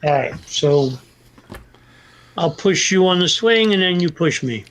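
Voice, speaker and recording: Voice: mid-range voice, lively intonation, a little slow, a little hiss or hum. An improviser voicing an anxious, apologetic twelve-year-old boy who keeps fretting. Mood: bargaining.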